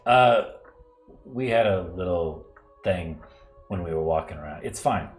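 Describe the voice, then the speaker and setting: A man's voice: low-pitched, animated, a little slow, faint music behind. A man playing a tabletop game, earnest and keeping the group on track. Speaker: player. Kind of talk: tabletop role-play.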